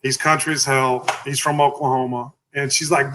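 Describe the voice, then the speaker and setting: A man's voice: mid-range voice, moderate pace, hardly any pauses, noisy background. A man, a company founder telling stories in a casual interview, salty and full of "like" and "you know". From Texas. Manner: animated storyteller, salty, lots of 'like' and 'you know'.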